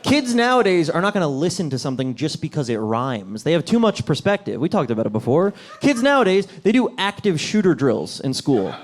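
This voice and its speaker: A man from New Jersey doing a brash, profane stand-up set, jumping into loud, high impressions. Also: very animated, brisk, few pauses. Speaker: stand-up comedian. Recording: live club mic with audience noise. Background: audience laughter.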